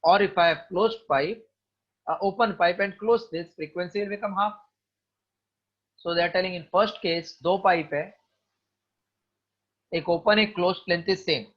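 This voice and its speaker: Indian man, physics teacher, high voice, mixes Hindi and English, questions students, dull lo-fi call audio. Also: moderate pace, long pauses. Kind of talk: online class explanation. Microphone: video call.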